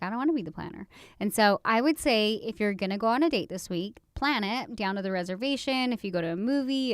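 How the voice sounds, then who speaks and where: A woman's voice: medium pitch, clean tone, no room sound, clean studio sound. Chatty woman with many "like" fillers. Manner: rambling, filler-heavy, laughing often. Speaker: podcast co-host, wife. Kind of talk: casual couples podcast chat.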